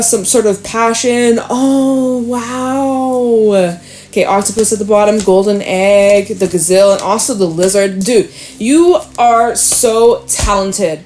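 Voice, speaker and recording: A woman's voice: mid-range voice, a little slow, darkish tone, faint music behind. Chatty, emphatic young woman tarot reader. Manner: chatty and emphatic, often swears, many fillers. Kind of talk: casual spoken tarot reading.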